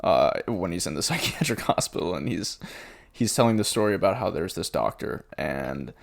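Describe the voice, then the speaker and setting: A man's voice: sits low, sing-song, normal speed, vocal fry. A man co-hosting a podcast in a laid-back, casual way, retelling jokes and quotes from a film. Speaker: podcast co-host. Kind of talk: casual chat.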